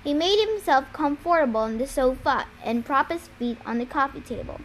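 A woman with a high voice reading a novel aloud in a plain, amateur way, now and then tripping over a word and fixing it. A faint hiss of noise sits under the home recording. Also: lively intonation, moderate pace, few pauses. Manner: amateur reading with small stumbles and self-corrections. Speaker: reader.

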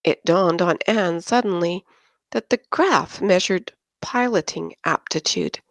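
A woman reads an audiobook slowly and evenly in a lowish voice. The recording is close and dry, with no room sound. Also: no echo. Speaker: audiobook narrator. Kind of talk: audiobook narration.

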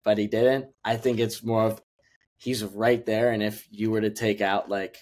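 A man's voice: on the low side, level tone, normal speed, darkish tone. Rambling young man reviewing movies. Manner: rambling, many "like" fillers and restarts. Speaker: podcast co-host. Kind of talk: casual movie review chat.

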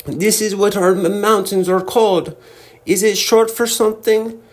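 A man's voice: sits high, fairly even intonation, normal speed, close to an everyday voice. A man putting on the voice of a very proper Swiss man who speaks in a stiff, formal and pompous way. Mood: prim.

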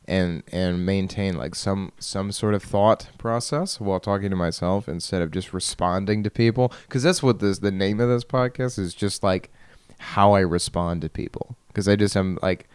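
A man's voice: low voice, a little mellow, clear, resonant tone, dry recording. A young man in his twenties, from Michigan, hosting a solo podcast from his bedroom, rambling with frequent laughs and self-deprecating asides. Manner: self-deprecating, laughs often, trails off and restarts. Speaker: podcast host. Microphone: studio microphone at a computer.

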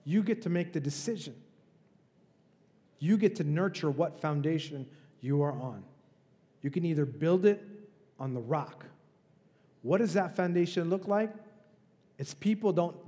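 A man's voice: fairly high pitch, lively intonation, measured pace, long pauses, mellow, big-room sound. A male pastor preaching a sermon in a conversational, emphatic way, with rhetorical questions. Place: church.

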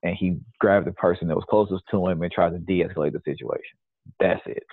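A man in his forties with a very low voice talks sports on a podcast, giving his opinions at length in a measured way. He comes through a thin, phone-like line. The sound is dry, with no room echo. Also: fairly even intonation, slightly rough. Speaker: podcast co-host. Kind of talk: casual sports chat.

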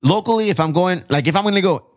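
Male podcast host, animated and playful, lively delivery, dry close mic, mixes in Spanish. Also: high-pitched, fast talker, no room sound. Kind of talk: casual podcast chat.

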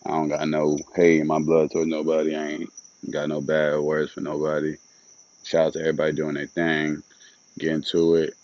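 A man's voice: extremely low pitch, completely flat delivery, fairly quick, a little mellow, highs cut off. A young man hosting a solo podcast, rambling casually with loads of slang and swearing. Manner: loose, rambling and upbeat, with lots of slang and swearing.

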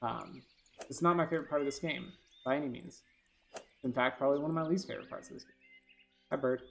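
A man's voice: mid-range voice, fast talker, vocal fry, fairly bright tone, a little hiss or hum. A man giving casual gameplay commentary, rambling with lots of fillers and restarts, often frustrated. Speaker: gaming video host.

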